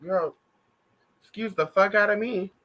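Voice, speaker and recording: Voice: mid-range voice, unhurried, fairly bright tone. A vlogger giving sassy, profane, gossipy pop culture commentary, calling the viewer girl and honey.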